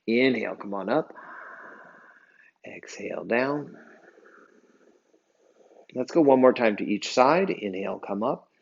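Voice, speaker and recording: A man leading a yoga class, calmly cueing poses and counting breaths. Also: mid-range voice, unhurried, creaky, pauses often, slightly rough, lo-fi sound. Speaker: yoga teacher. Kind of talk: guided yoga class instruction.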